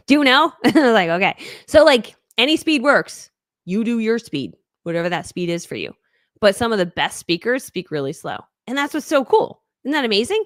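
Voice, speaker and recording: A woman coaching a live webinar, fast-talking, bubbly and high-energy. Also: very animated, dry recording, studio quality. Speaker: online business coach.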